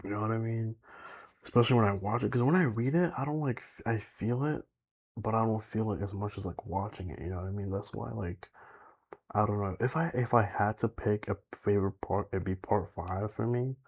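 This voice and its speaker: A man's voice: fairly low pitch, fairly quick, a little mellow. A young man chatting casually to camera as a YouTuber, rambling with lots of filler words and swearing. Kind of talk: casual rambling vlog chat.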